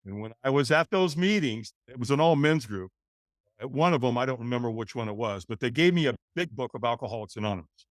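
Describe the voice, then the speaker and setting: A man in his sixties, a podcast guest, telling his life story in a lively way and acting out the voices of people in it. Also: medium pitch, fast, dry recording, clean studio sound. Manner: animated, acts out voices in his stories. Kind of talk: storytelling interview.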